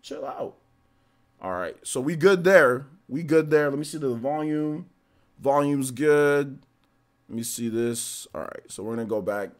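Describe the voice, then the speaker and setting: A man's voice: mid-range voice, unhurried. A man streaming live, greeting viewers from chat one by one and laughing at trolls in a casual, slangy way. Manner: shouts out chat names, trash-talks trolls, laughs often.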